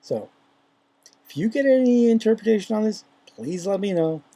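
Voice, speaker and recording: A faith vlogger tells a dream in a loose, rambling way, stopping and restarting often with fillers. The voice is very dark and mellow, with a husky, breathy edge. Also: medium pitch, big pitch swings, moderate pace. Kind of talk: casual dream retelling.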